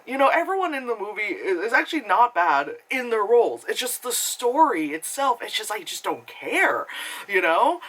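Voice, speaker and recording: Movie reviewer, rambling casual talk, swears a lot, laughs often, very lively pitch, bright tone. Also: poor audio. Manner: rambling, lots of fillers and swearing; laughs often, does quick impressions. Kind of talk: casual spoken film review.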